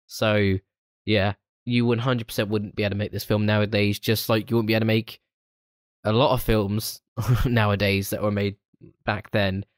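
Sweary lad, low dry voice. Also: male voice, moderate pace, dry recording. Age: 20s. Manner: swears freely, laughs often, animated retelling. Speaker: podcast co-host. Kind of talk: casual film review chat.

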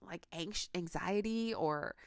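A woman with a lowish voice talks slowly in a crafting vlog, working at a craft table at home. She's chatty and gushing, with lots of fillers.

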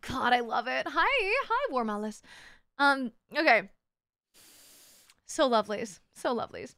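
A bubbly woman live-streamer with a high, smooth voice, chatting close to the mic in a dry, dead room. She jumps between thanking viewers and crude, teasing banter, and she laughs easily. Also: very animated, measured pace, fairly bright tone, no room sound. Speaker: VTuber streamer. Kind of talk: casual live-stream chat.

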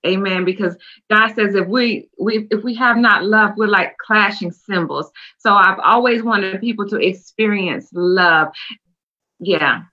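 A woman's voice: mid-range voice, measured pace, pushed and bright. A woman prophetess and co-pastor introducing herself on a ministry talk show, listing her roles in church phrasing. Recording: dull lo-fi audio.

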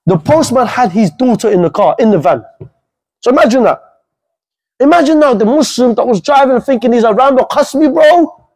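A man's voice: very high voice, animated, moderate pace, a little mellow, rough recording. A young man giving a blunt, fiery religious talk to young people, full of street slang. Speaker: guest speaker. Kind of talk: impassioned religious youth talk.

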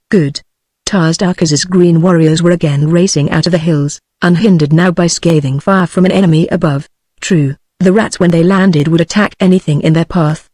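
A synthetic text-to-speech voice narrating an adventure novel with even, mechanical phrasing and a dry sound. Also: mid-range voice, no room sound. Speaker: audiobook narrator.

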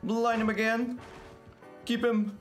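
A man giving excited live gameplay commentary, exclaiming often and repeating words in quick bursts. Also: very high voice, soft background music. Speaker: gaming video creator.

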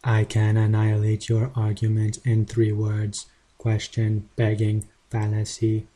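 A stiff, monotone robot voice delivers a male commenter's words, put on by a man. The tone is dark and husky, with no rise or fall in pitch. Every line comes out mechanical and even. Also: measured pace. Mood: lecturing.

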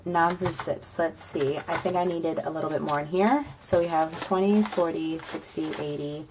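A woman with a fairly low voice runs a casual budgeting vlog, murmuring numbers as she counts bills. Now and then she breaks into high, excited squeals. Traffic and passing bikes are clearly audible behind her. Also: moderate pace. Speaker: budgeting vlogger. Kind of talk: casual cash-stuffing vlog, counting money aloud. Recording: home recording with street noise behind. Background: passing bikes and street noise.

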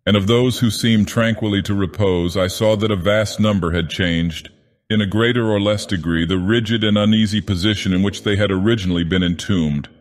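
A man's voice: fairly low pitch, steady tone, fairly quick, lightly acted. A man voicing a grandiose, menacing ancient god-villain as he narrates a horror tale solemnly. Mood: brooding. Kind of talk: dramatic horror reading. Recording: long reverb.

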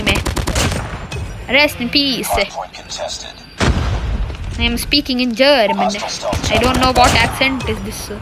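Woman, gameplay commentary, high voice, excitable, playful trash talk, loud gunfire and explosions behind. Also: background noise. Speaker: gaming video creator.

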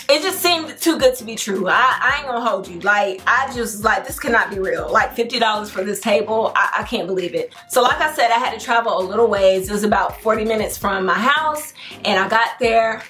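A young adult woman hosting a home decor vlog, telling a story to camera in an excited, chatty, slangy way. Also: a little high. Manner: excited, chatty and slangy, addresses viewers as y'all.

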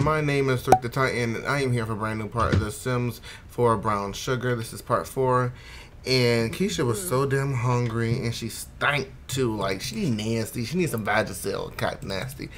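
A man's voice: mid-range voice, moderate pace, noisy background. A man hosting a casual let's play, rambling, swearing and talking to his characters, sleepy and yawning. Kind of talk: casual gameplay commentary.

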